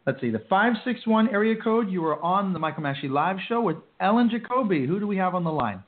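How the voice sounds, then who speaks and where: Male radio host, high-pitched, affirming and chatty, narrow tinny sound. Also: expressive. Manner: affirming, chatty, quick to agree. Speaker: radio talk show host. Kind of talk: live call-in radio chat.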